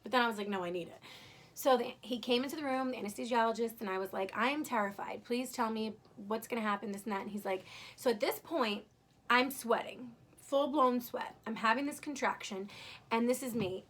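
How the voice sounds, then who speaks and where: A woman's voice: fairly high pitch, fairly quick, fairly bright tone. A young woman candidly recounting her birth story in casual, emotional storytelling, swearing freely.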